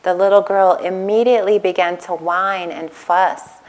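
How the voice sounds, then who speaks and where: A woman meditation teacher giving a gentle dharma talk at a retreat, telling stories in a soft, calm way. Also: medium pitch, moderate pace, rough recording. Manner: gentle, storytelling, soft-spoken. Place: retreat center meditation hall.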